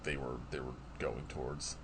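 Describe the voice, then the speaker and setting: A podcast co-host in casual chat about a film, wry and halting, often trailing off mid-thought. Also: a bass voice, little pitch movement, a little hiss or hum.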